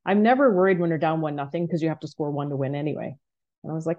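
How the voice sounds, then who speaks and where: Woman, softball coach, podcast storytelling, animated quotes, mellow tone, lo-fi sound. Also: low-pitched, racing.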